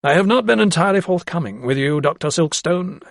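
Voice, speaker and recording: A man voicing a stern, solemn old gentleman. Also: animated, fairly quick, vocal fry, no room sound, studio quality. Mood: guarded. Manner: emphatic, formal and raised in pitch. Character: solemn, guarded elderly gentleman of science.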